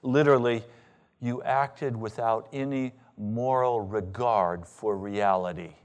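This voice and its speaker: A man preaching a sermon as pastor, swinging between loud, forceful emphasis and quiet, intense passages. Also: medium pitch, fairly even intonation, slow. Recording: reverberant hall.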